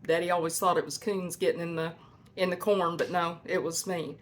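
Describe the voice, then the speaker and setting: A woman's voice: on the low side, flat delivery, a little fast, slight background noise. A woman hosting a homestead cooking vlog from her kitchen, chatting to viewers in a folksy way. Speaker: homestead cooking channel host. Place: home kitchen.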